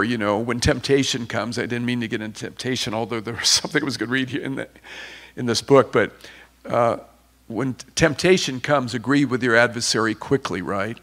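Man with a gravelly voice giving a loose chatty sermon, rambly, lots of restarts. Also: mid-range voice. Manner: conversational, rambling with restarts, soft then fervent. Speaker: preacher. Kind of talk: informal sermon.

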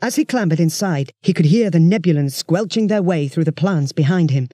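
A storyteller, reading a children's science-fiction story in steady, expressive narration. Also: medium pitch, brisk, dry recording, clean studio sound. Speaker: audiobook reader.

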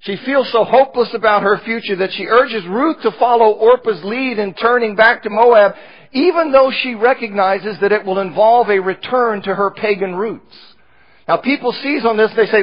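A man's voice: extremely high pitch, normal speed, muffled recording. A man preaching a sermon with passion, voicing imagined objections and quoting scripture aloud.

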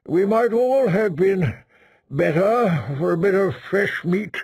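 A man's voice: sits high, expressive, takes it slowly, darkish tone, slightly rough, no room sound, clean studio sound, voice pushed up, exaggerated voice. Man doing a weary old commander. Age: older. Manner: tired, weary.

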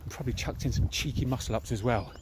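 Heavy background noise surrounds a British fitness vlogger in his thirties who is walking through a park and speaking bluntly and casually to the camera. He talks fast at a medium pitch.

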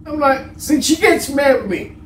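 Voice very high, speed normal, this vlog co-host chats casually and tells stories, acting out the people in them with animation. The recording comes from a distant mic in an echoey room, with faint noise present.

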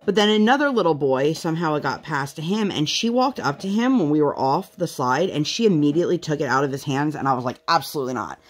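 A woman's voice: sits low, animated, fast talker, hardly any pauses, breathy edge. A woman in her thirties chatting casually at home while she works on a craft project, telling candid stories and now and then putting on voices when she quotes people. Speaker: craft vlogger.

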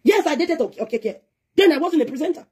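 A woman's voice: sits high, lively intonation, rapid-fire, darkish tone. A woman with a Nigerian Pidgin accent, giving a heated, scolding live-stream rant as a presenter, switching between pidgin and English.

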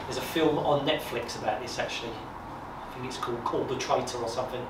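A man giving an informal talk at an exhibition, telling stories in a chatty, animated way with repetitions and asides. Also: mid-range voice, brisk. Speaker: guest speaker on wartime history. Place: exhibition room. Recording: echoey room from far off, noisy.

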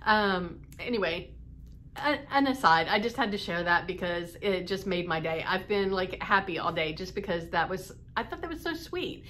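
A woman's voice: fairly low pitch, animated, normal speed, a bit bright, a little hiss or hum. A middle-aged woman from the United States, chatting casually to camera as a sewing vlogger, rambling with lots of fillers and restarts.

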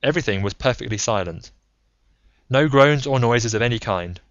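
A man narrating an audiobook in a measured, even reading style. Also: mid-range voice, no echo. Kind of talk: scripted narration. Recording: slightly muffled lo-fi recording.

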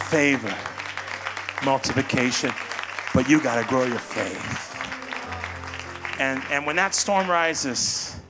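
A man preaching as pastor, punchy and playful, calling out to the congregation. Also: medium pitch. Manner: call-and-response, punchy, playful asides. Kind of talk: preaching sermon. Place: church sanctuary. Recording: music behind.

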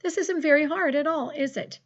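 Lively woman teaching young children. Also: high voice. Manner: encouraging, sing-song, sounds out words slowly. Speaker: second grade teacher. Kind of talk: phonics lesson for young children. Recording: dull lo-fi classroom recording.

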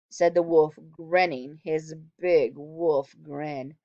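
A woman teacher reading a storybook aloud to children, expressive and animated, stopping to ask them questions. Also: low voice, slow pace, hardly any pauses, no room sound. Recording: dull, dry lo-fi recording.

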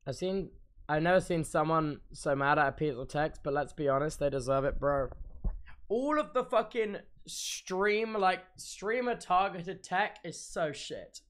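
Slightly high and a bit bright, his voice moves at a measured pace as the young man chats casually on a livestream. Swearing often, he complains about technical problems and says the same things over again.

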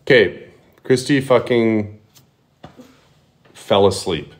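A man hosting a prank call livestream, talking quickly and offhandedly with some swearing. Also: fairly low pitch. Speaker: prank call streamer host. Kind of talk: casual livestream chat.

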